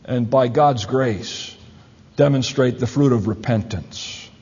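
A man's voice: mid-range voice, takes it slowly, darkish tone, breathy edge. A man preaching a sermon as a pastor, speaking earnestly and with emphasis. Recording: long hall reverb, dull lo-fi sound.

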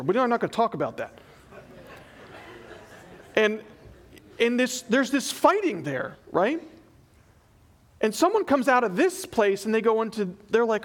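Animated, high-voiced male pastor preaching. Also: a little slow, long pauses. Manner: animated, acts out quoted people in his retelling. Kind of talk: sermon. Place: church.

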